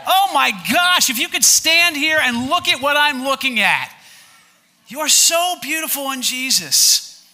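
A man's voice: very high voice, expressive, a little slow, sharp tone. A man preaching a sermon to his congregation in a church, emphatic and repetitive, often asking the listeners to say lines back with him. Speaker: pastor. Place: church sanctuary before a congregation.

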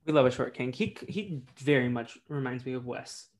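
A man's voice: mid-range voice, moderate pace. A man co-hosting a podcast in casual chat, with loose, jokey talk full of fillers. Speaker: podcast co-host.

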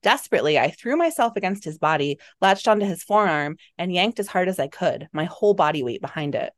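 A woman author reading aloud from her own novel with an expressive, dramatic delivery. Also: on the low side, a little fast, no echo, clean studio sound. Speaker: author and guest.

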